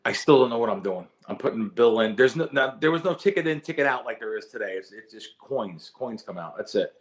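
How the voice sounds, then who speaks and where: A middle-aged man telling his story as a guest in a podcast interview, animated and repeating words as he gets going. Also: mid-range voice, a little fast. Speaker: guest, sports bettor.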